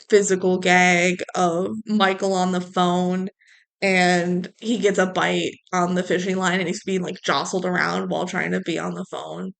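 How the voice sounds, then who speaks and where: A woman's voice: on the low side, gravelly. A woman co-hosting a podcast, chatting casually through a movie recap, laughing and quoting characters. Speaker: podcast co-host.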